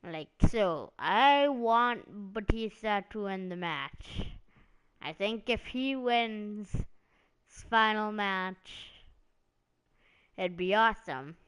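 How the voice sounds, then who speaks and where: A woman's voice: medium pitch, lively intonation, drawn-out words, a bit bright, clean tone. A woman hosting a casual live stream about wrestling, rambling along with lots of "like" and "um" as she recaps storylines. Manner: rambling, meandering, heavy on "like" and "um".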